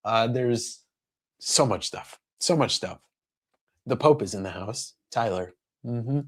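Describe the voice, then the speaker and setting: A man's voice: mid-range voice, lively intonation, slow pace. Upbeat man hosting a live sale stream. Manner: upbeat, jokey, greets viewers by name. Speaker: live-stream seller and host. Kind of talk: casual live-stream chat.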